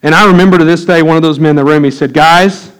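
A man's voice: on the high side, fairly even intonation, quick pace, low-quality recording. A middle-aged man preaching a sermon, telling a candid personal story that builds to impassioned preaching. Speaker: pastor.

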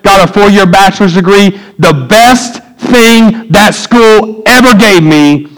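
A man, preaching a sermon in a church, swinging from loud emphatic peaks to low quiet asides. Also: poor audio. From United States. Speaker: pastor. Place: church sanctuary.

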